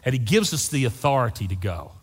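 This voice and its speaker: A man's voice: mid-range voice, sing-song, a little fast, husky, long reverb tail. A man preaching a sermon as pastor, emphatic and repeating key phrases for effect.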